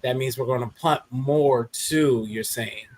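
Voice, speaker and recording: A man's voice: medium pitch, unhurried, a little mellow. Joking man on a sports podcast. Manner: joking, loose, playful. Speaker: guest analyst. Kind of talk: casual sports podcast chat.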